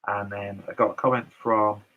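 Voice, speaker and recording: Male reviewer, lowish voice, relaxed chatty comment roundup. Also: normal speed, phone-quality sound. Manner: loose and chatty, with fillers and asides. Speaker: beer reviewer reading viewer comments. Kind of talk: casual chat reading comments.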